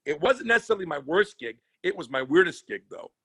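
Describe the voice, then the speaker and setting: A man, a comedian guest on a podcast, telling a profane story in a lively, casual way and acting out other people's voices. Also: fairly high pitch, fast, breathy edge, no echo. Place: podcast studio.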